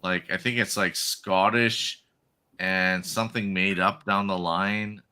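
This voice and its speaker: A man's voice: sits low, steady tone, slow, bright, forceful tone, clean tone. A man with a Canadian accent in casual, joking chat with friends, often stumbling over his words and laughing. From Newfoundland, Canada.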